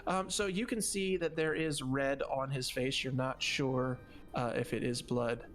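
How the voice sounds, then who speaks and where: A man running a tabletop game as game master, speaking haltingly with many fillers and restarts. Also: medium pitch, steady tone, a bit bright, soft background music.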